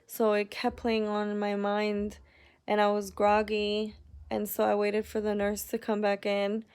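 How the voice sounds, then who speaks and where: A woman's voice: medium pitch, monotone, unhurried, darkish tone, clean tone. A young adult woman telling a personal story in a casual vlog, rambling and candid, with many "like"s and an upset tone. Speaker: vlogger.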